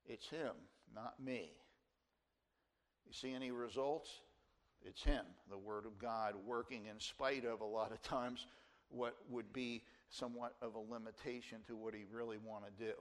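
A man's voice: on the low side, fairly even intonation, measured pace. A pastor in his sixties from New Jersey, preaching an earnest sermon and leaning hard on key words. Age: 60s. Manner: earnest, emphatic preaching with rising stresses.

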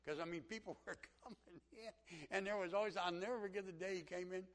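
A man's voice: high-pitched, steady tone, quick pace. A man preaching a sermon as pastor, telling a story in a conversational way.

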